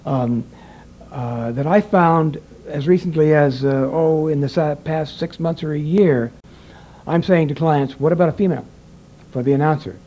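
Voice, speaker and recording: A man's voice: a little high, moderate pace, dark tone, highs cut off, a little hiss or hum. An older man who directs voiceover sessions, giving a rambling, conversational lecture to an audience and acting out exchanges from the studio.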